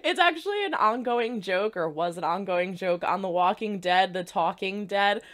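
A woman's voice: medium pitch, animated, moderate pace. A woman hosting a reaction video, talking with bubbly, gushing enthusiasm. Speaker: reaction channel host. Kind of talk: excited reaction vlog.

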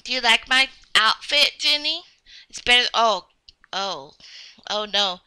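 A woman playing a child in a game role-play, talking in a whiny, excitable, childlike way. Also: fairly high pitch, measured pace, clean tone. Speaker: game video creator.

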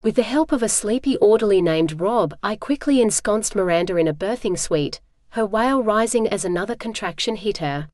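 A woman giving brisk, clear scripted first-person narration for an audiobook. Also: mid-range voice, expressive, darkish tone, no echo, clean studio sound.

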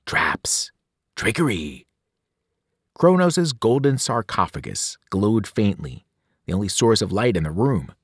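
A teacher reading a novel aloud with drama, his voice rising and falling in a very lively way. The sound is dry and close to the microphone. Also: on the low side, husky, dry recording. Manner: dramatic, with whispered and shouted voices. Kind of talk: expressive read-aloud narration.

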